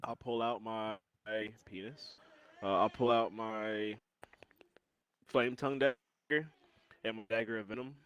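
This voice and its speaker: A man's voice: on the low side, steady tone, unhurried, pauses often, fairly bright tone, smooth, dry recording, muffled recording. A man playing a tabletop game, talking casually and hesitantly with many ums and restarts. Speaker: player.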